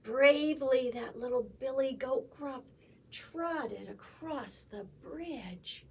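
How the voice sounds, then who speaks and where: A woman librarian reading a story aloud at a children's storytime, dramatic and expressive, with hushed asides. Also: high voice, slow, slightly rough.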